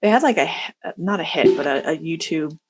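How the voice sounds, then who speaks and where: A chatty woman co-hosting a podcast, her voice sitting a little low. She talks casually and keeps restarting her sentences as she goes. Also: fairly quick, very noisy. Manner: chatty, animated, many restarts and fillers. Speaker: podcast co-host. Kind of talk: casual chat.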